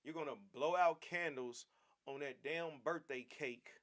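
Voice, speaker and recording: Guy teaching a bible class, kinda high voice, preachy and repetitive, keeps saying man. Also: measured pace, a bit bright. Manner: emphatic, repetitive, calls listeners "man".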